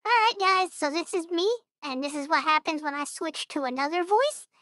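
A man speaking through an AI voice changer that turns him into a small high-voiced girl companion, talking casually. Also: expressive, normal speed, sharp tone, no echo, clean studio sound, heavily acted. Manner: casual demo talk.

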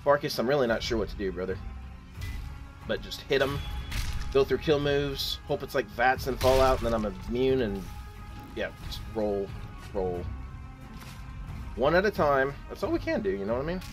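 A man's voice: mid-range voice, expressive, moderate pace, pauses often, faint music behind. Frantic, exclaiming young man gaming. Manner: frantic, exclaiming, talks to himself and the game. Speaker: gaming channel host. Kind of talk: let's play commentary.

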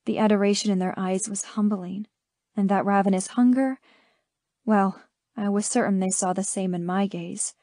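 Mellow woman narrating an audiobook. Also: mid-range voice, steady tone, moderate pace, dry recording, clean studio sound. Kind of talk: first-person romance narration.

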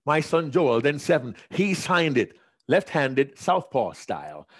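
A man's voice: a little high, unhurried. A man in his sixties giving a motivational keynote speech, telling stories dramatically. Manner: dramatic storytelling, animated. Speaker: keynote speaker.

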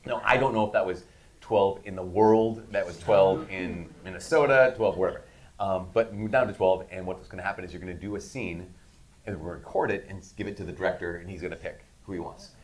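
A middle-aged man, a guest in an interview, telling casual stories with animated, laughing delivery. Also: deep voice, a little fast. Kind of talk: casual storytelling.

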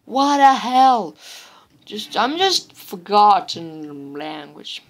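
Slow rambling woman gamer commentator. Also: medium pitch, very animated. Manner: rambling, repetitive, chatty. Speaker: gameplay commentator. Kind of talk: casual let's-play commentary.

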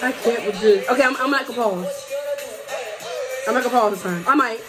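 A woman hosting a reaction video, talking excitedly, squealing, laughing and singing along. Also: a little high, brisk. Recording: music playing loudly behind.

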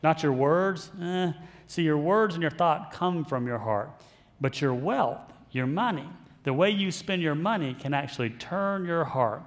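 A man's voice: a little high, expressive, unhurried, big-room sound. A male pastor preaching a sermon in a conversational style with self-deprecating humor.

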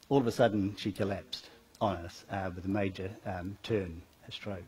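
A man's voice: low-pitched, steady tone, normal speed, warm tone, breathy edge. A middle-aged man in a church giving an earnest, rambling personal testimony with many fillers, then leading a prayer.

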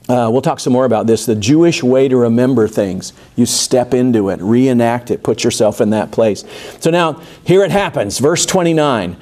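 A man leading a Bible study in a church, in a mid-pitched, conversational voice. He wanders into asides with plenty of fillers and lifts his voice for emphasis when he reads the text. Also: moderate pace, mellow. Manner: digressive, many fillers and asides, rises for emphasis when reading.

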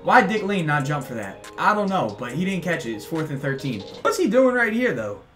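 A young man narrates his football video game match in loose slang, teasing his opponent and hyping himself to viewers. His voice sits a little high and sounds bright and forward. Faint background music plays beneath the commentary. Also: a little fast. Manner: excitable, slangy, trash-talking the opponent. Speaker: gaming YouTuber. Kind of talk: casual gameplay commentary.

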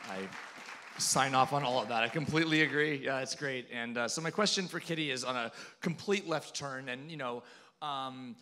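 Moderator: man, bright and forceful tone, candid and chatty, faint audience behind. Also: mid-range voice, moderate pace, some chatter behind. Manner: candid, conversational, hesitant with fillers. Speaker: moderator, conference organizer. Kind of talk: conference panel moderation. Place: conference stage with audience.

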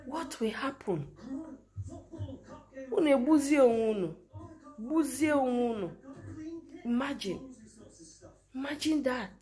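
A woman's voice: high voice, expressive, slow pace, pauses often, warm tone. A woman with a Nigerian Igbo accent giving an earnest, lamenting monologue full of rhetorical questions. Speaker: commentator. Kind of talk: impassioned monologue mixing Igbo and English.

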